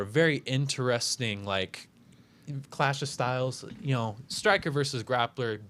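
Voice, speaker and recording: A man's voice: medium pitch, fairly bright tone. A man hosting a casual talk show, breaking down upcoming fights with lots of fillers and self-corrections. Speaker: podcast host making fight picks.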